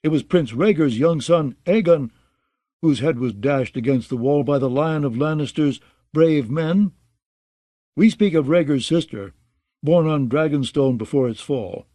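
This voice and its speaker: A man voicing a calm, mysterious young male scholar with a soft, measured delivery in an audiobook. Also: a little high, no echo, lightly acted.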